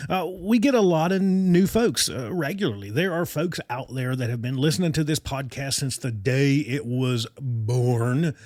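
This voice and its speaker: A man's voice: mid-range voice, moderate pace, hardly any pauses, darkish tone, no room sound, clean studio sound. Chatty enthusiastic man hosting a podcast. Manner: chatty and enthusiastic, with frequent fillers and laughs. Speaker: podcast host. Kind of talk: casual solo podcast chat. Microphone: desk microphone.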